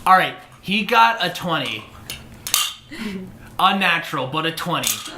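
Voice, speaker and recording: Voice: mid-range voice, big pitch swings, unhurried. A game master narrating a tabletop game with friends in a loose, giggly way, with lots of fillers. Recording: echoey room, faint noise.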